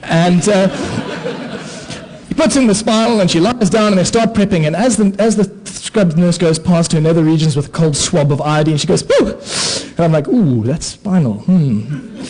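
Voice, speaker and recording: Guy, fairly high voice, telling funny self-mocking stories at a conference, lots of asides and silly sound effects. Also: moderate pace, darkish tone, poor audio. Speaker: conference speaker, anaesthetist. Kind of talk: comic storytelling talk to an audience. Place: conference hall with an audience.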